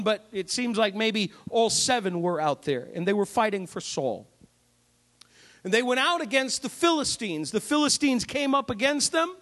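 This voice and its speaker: A man preacher delivering a sermon, retelling a Bible story with animated, jokey storytelling. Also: extremely high pitch.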